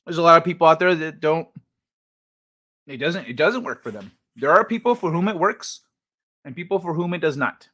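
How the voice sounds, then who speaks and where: A man's voice: fairly high pitch, expressive, normal speed, a bit bright. A man hosting a casual live stream, chatting loosely with his viewers, swearing and laughing often as he reacts to the chat. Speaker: livestream host.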